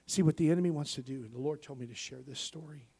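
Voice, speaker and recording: A male pastor preaching a sermon, swinging between loud bursts and soft near-whispers and calling for amens. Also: fairly high pitch, fast, vocal fry, slight background noise.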